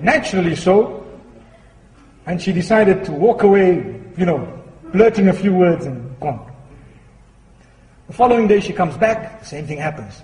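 A man's voice: high-pitched, expressive, moderate pace, a little mellow, slight background noise. A man giving an Islamic talk, telling a story with humor and acting out voices. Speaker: Islamic speaker. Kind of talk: sermon with anecdote. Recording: echoey hall with reverb.

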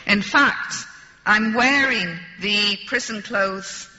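Slow, wry woman telling a story. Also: medium pitch, sharp tone, long reverb tail, dull audio, slight background noise. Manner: dry, wry humor, deliberate. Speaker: speaker addressing an audience. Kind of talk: storytelling talk.

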